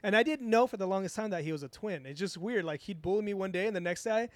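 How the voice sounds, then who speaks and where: On a dry recording, a young Southern Californian man co-hosting a podcast talks fast in a high-pitched voice. The chat is casual, and he tells a rambling, crude story packed with swearing.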